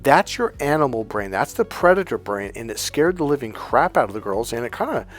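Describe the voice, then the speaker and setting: A man's voice: medium pitch, very animated, fairly quick, faint music behind. Blunt middle-aged man telling a story. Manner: blunt, profane, emphatic. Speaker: dating coach. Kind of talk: casual storytelling advice monologue.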